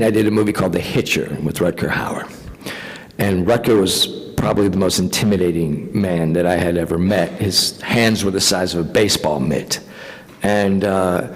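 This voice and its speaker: A man, an actor guest at a fan convention panel, telling animated anecdotes with casual swearing. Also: low-pitched. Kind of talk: convention Q&A storytelling. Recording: long reverb of a convention hall.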